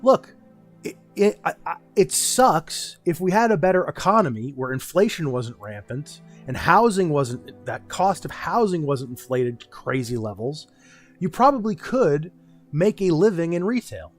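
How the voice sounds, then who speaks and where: Young male streamer, casual and blunt, ranting and swearing, slightly high pitch, soft music behind. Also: sing-song, a little slow. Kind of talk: casual livestream chat.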